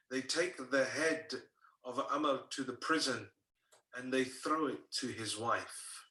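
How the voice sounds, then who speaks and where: A man preaching a sermon from a book-filled room at home, telling a story slowly and with feeling, and asking his listeners rhetorical questions. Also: medium pitch, pushed and bright. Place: home room full of books. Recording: roomy, distant home recording.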